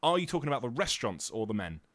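A man's voice: medium pitch, big pitch swings, racing, fairly bright tone, no echo. A man co-hosting a casual podcast, teasing and sarcastic. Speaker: podcast co-host. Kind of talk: casual banter.

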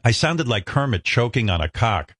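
A man in his sixties from the New York area, a radio host telling stories in an animated, self-mocking, profane way. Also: mid-range voice, moderate pace, slightly rough, dry recording, studio quality. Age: 60s. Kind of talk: casual chat.

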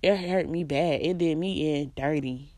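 Woman vlogger, emphatic and profane, in a dark, dry voice. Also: low voice, measured pace, dry recording. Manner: emphatic, blunt, profane, repeats phrases for emphasis. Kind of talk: venting personal monologue.

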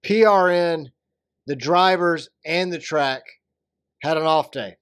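Joking higher-voiced male podcast host. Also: takes it slowly, clean tone, dry recording, studio quality. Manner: joking, animated storytelling. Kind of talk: casual chat.

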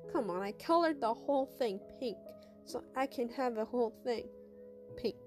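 A woman's voice: fairly high pitch, expressive, moderate pace, a little mellow, faint music behind, natural voice. A woman voicing an emotional girl who gets exasperated and whiny when upset.

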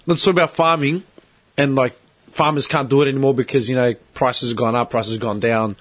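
A man's voice: mid-range voice, fairly even intonation, brisk. A man, ranting bluntly and swearing in a casual chat as host.

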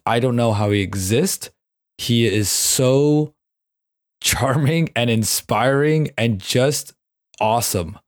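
A man's voice: medium pitch, slow, dry recording, clean studio sound. A man co-hosting a casual podcast, gushing with emphatic praise. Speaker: podcast co-host. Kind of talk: casual chat.

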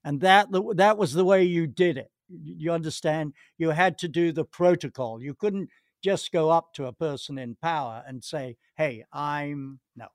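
A man's voice: fairly high pitch, normal speed, no echo, clean studio sound. A man being interviewed as a guest, telling long anecdotes with restarts and hesitations. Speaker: golf pro, interview guest. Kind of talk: anecdotal storytelling.

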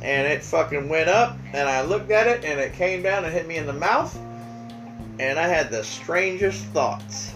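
A man in his forties hosting a casual podcast chat, spinning crude and profane stories in a rambling way. His pitch swings widely as he talks. Faint music plays underneath. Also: lively intonation, normal speed, rough recording. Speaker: podcast host.

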